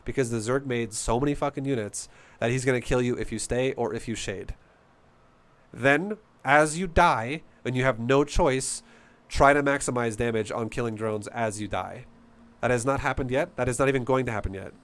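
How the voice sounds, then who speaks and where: A man's voice: mid-range voice, normal speed, fairly bright tone. A man coaching a player through a game replay in a casual, blunt, profane and passionate way. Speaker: StarCraft coach.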